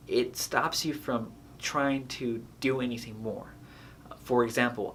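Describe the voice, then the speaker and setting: A man's voice: medium pitch, unhurried, pushed and bright. Earnest man giving casual pep talk. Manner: earnest, repeats phrases, laughs at own jokes. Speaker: motivational speaker. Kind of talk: casual motivational talk to camera.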